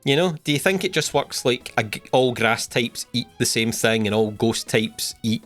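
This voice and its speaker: A man's voice: medium pitch, expressive, normal speed, fairly bright tone, faint music behind. A man with a Scottish accent giving wry, joking commentary while playing a video game. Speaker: gaming video host. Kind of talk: let's play commentary.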